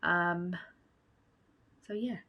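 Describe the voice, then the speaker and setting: A woman's voice: on the low side, extremely slow, sharp tone. A woman vlogging at home in a casual, rambling chat, sleepy and yawning. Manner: chatty, rambling, with fillers and small laughs.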